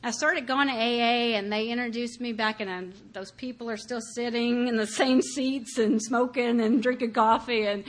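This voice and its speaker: A woman's voice: on the high side, steady tone, normal speed. A woman giving a candid personal testimony about her recovery, talking conversationally with many fillers and acting out her past thoughts. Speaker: speaker sharing her recovery story.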